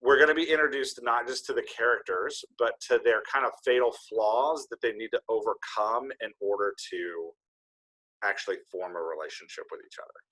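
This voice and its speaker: A man's voice: on the low side, brisk, pushed and bright, breathy edge. A man hosting a podcast, chatting casually in a rambling, jokey way that often corrects itself. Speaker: podcast host. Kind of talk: casual chat.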